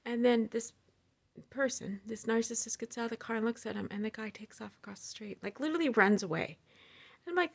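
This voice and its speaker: Gravelly woman telling a storytime. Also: on the high side, fairly quick. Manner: animated, with many fillers and asides to viewers. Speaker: storyteller sharing personal experiences. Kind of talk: casual storytime monologue.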